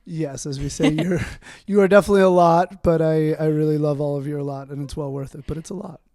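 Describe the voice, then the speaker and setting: Fast-talking man, slightly high voice. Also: no room sound, studio quality. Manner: relaxed, quick anecdotal storytelling. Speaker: podcast guest. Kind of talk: casual podcast conversation.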